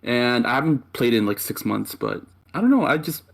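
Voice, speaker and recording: A man's voice: mid-range voice, very animated, brisk, vocal fry. A man appearing as a podcast guest, talking in a laid-back way with frequent "you know" fillers. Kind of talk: casual chat.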